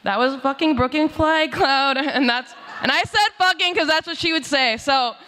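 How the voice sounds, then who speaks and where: A young woman's bright, fairly high voice carries through a reverberant church hall. She tells an offhand, chatty story with lots of likes and quick laughs, the way an outreach worker talks about a friend. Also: a little hiss or hum. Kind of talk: memorial remembrance story. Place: church sanctuary. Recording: echoey church hall over speakers.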